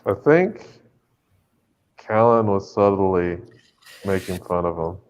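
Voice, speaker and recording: A man's voice: low-pitched, lively intonation. A man co-hosting a podcast in casual chat, joking and bantering. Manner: joking, banter-heavy, quick laughs. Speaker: podcast co-host.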